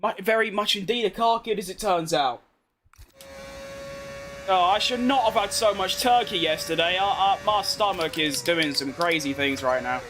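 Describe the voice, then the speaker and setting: Playing a racing game, a young man from Britain keeps up casual, slangy, self-mocking commentary for himself and his viewers. His voice sits high and he talks at a normal speed. The streamer is heard over a noisy background.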